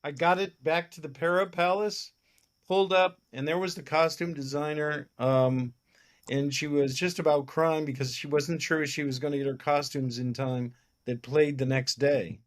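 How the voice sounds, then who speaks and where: A man with a fairly high-pitched voice speaks at a moderate pace. As a film producer in a laid-back interview, he tells anecdotes animatedly and acts out other people's lines.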